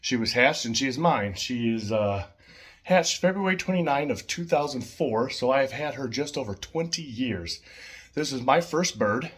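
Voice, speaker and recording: A man casually showing his pet birds at home, chatting in a rambling way with fillers and soft laughs. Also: mid-range voice, expressive, moderate pace.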